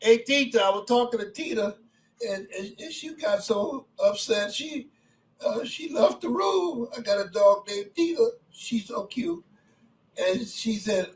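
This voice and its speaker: A man in his seventies giving a motivational speech, emphatic, repeating phrases and swinging from soft talk to shouting. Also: very high voice, expressive, measured pace, rough recording. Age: 70s. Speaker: motivational speaker.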